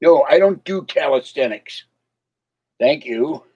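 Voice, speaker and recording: A man's voice: fairly high pitch, lively intonation, slow pace, dark tone, husky, muffled recording. A man hosting a casual livestream, rambling with chuckling asides to chat, with a slight slur in his speech. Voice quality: slight slur from missing teeth. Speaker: livestream host.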